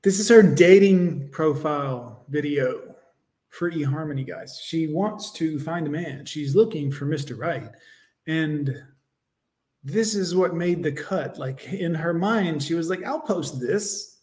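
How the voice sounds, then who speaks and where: Guy hosting a reaction stream, sarcastic and crude, voice a bit on the high side. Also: measured pace, a little mellow. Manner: mocking, sarcastic, crude asides to viewers. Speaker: host. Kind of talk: livestream reaction commentary.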